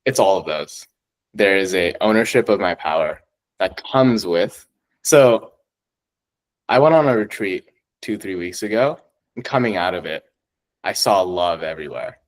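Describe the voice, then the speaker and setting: A man chatting as a podcast guest, excitable and heavy on swearing, often laughing as he talks. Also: low voice, normal speed, long pauses, low-quality recording. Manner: excitable, swears a lot, laughs while talking. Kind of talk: casual chat.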